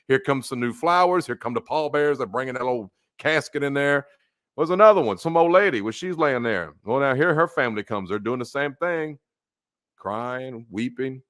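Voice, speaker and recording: A man preaching a blunt, mocking sermon, dropping to low mutters and jumping to loud outbursts. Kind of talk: fiery street-style sermon.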